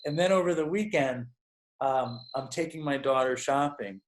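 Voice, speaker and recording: A man's voice: medium pitch, moderate pace. A man talking as a podcast guest in casual storytelling mode. He rambles from one anecdote to the next, swears freely and leans on "like" constantly. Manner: rambling, profane, full of "like".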